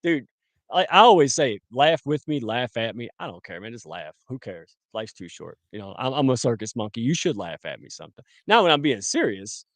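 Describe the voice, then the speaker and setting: A man in casual livestream chat who keeps calling people dude and laughs through his stories. His voice sits at a middle pitch and comes across dry and close, with no room around it, through a call mic. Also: sing-song, fairly quick, no echo. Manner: loose, laughing, says dude and man a lot. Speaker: livestream co-host.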